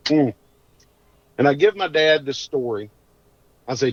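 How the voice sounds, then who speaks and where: A man's voice: fairly high pitch, lively intonation, unhurried, pauses often. Folksy man telling a story. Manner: folksy drawl, rambling with restarts. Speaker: guest. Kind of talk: casual storytelling. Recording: dull dry lo-fi audio.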